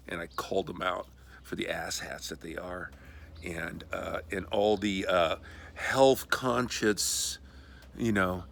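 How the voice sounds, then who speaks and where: A man delivering an angry, profane personal rant, swinging from loud exasperated outbursts to low mutters. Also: creaky. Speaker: video message maker.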